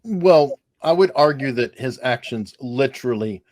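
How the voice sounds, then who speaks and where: A man's voice: medium pitch, lively intonation, unhurried, a little mellow, no room sound, clean studio sound. A man hosting a casual podcast chat who asks questions and chuckles between them.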